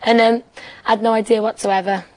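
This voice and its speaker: Fast-talking young Welsh woman. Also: a little high, level tone, rough recording. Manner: chatty, rambling, acts out quoted talk. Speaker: reality show contestant guest. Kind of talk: casual TV interview chat. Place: TV studio.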